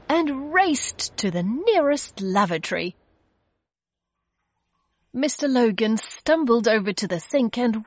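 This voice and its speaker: A woman narrating a children's storybook aloud in an expressive read-aloud style. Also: fairly high pitch, breathy edge, dull audio. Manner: slow, lively expressive reading.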